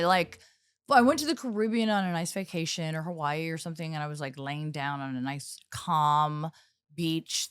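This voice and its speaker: Middle-aged woman comedian, lively swooping pitch, laughing through her stories, dry close sound. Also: dry recording. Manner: animated, laughing comic storytelling. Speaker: guest comedian. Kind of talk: casual podcast chat.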